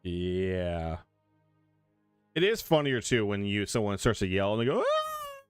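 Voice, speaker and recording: A man's voice: lowish voice, lively intonation, unhurried, soft background music. A young man streaming a game, chatting loosely and joking in a rambling way. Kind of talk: casual gameplay commentary. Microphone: desk mic with compressor.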